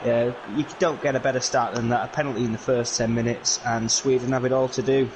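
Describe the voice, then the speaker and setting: A man from England, commentating solo on a video game football match in lively play-by-play that is full of fillers. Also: medium pitch, brisk, a little hiss or hum, poor audio.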